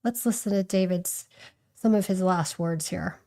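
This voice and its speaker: A woman's voice: lowish voice, normal speed, mellow. A woman hosting a casual livestream, chatting and thinking aloud with lots of fillers and restarts. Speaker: livestream host.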